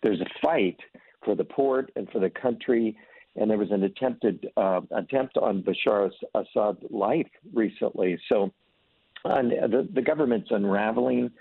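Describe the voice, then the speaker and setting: A low, gravelly man with a husky edge talks earnestly, slipping into voices for the people in his stories. He comes through a thin, tinny phone line with a dry sound. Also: a little slow, no echo. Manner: earnest storyteller, acts out voices in anecdotes. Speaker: ministry leader. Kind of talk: conversational testimony.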